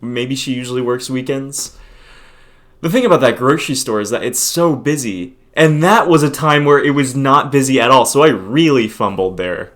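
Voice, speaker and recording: A man's voice: mid-range voice, normal speed, fairly bright tone. A man in his twenties rambling hesitantly and self-deprecatingly in a casual confessional vlog. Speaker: vlogger.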